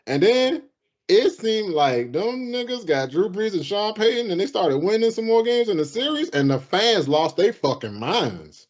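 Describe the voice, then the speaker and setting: Animated, profane male podcast host. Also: moderate pace, dull audio. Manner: animated, profane, jumps into high mocking voices. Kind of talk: casual sports podcast chat.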